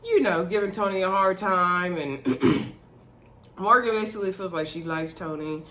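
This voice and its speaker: Talking straight to her viewers, a woman gives a chatty, sassy recap of a reality show episode, laughing between remarks. Her voice is lowish, bright, and forceful, at a moderate pace.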